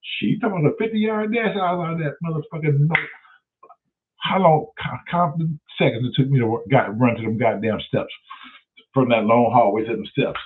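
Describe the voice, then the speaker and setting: A man hosting his own show, telling stories in a profane, animated way. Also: mid-range voice, moderate pace. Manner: profane, animated, loud storyteller. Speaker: show host. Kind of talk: casual livestream storytelling. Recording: tinny phone-like sound.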